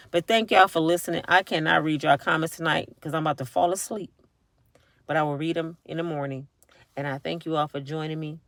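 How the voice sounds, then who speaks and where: A woman's voice: low-pitched, creaky, no echo. A middle-aged woman talking straight to her viewers in a casual vlog, emphatic and tired, from a parked car. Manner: emphatic, talks directly to viewers. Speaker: vlogger.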